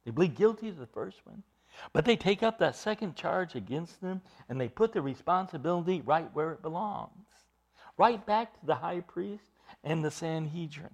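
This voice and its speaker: A male preacher giving a sermon, emphatic, building up to loud stressed phrases and dropping to quiet asides. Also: fairly high pitch, lively intonation, moderate pace, creaky.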